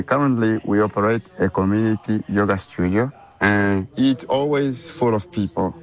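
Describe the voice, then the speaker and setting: Earnest guy teaching community yoga, lowish voice, talks in short simple bits. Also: rough recording. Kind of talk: documentary interview.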